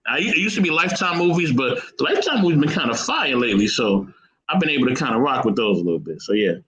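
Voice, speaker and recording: A man's voice: medium pitch, very animated, quick pace, fairly bright tone, rough recording. A man telling a laid-back, rambling story in casual chat, chuckling as he goes. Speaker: panel guest.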